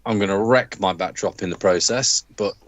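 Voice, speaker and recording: A man's voice: on the low side, moderate pace, crowd noise, poor audio. An Englishman co-hosting a livestream in casual chat, enthusiastically describing things in lavish terms. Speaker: livestream co-host.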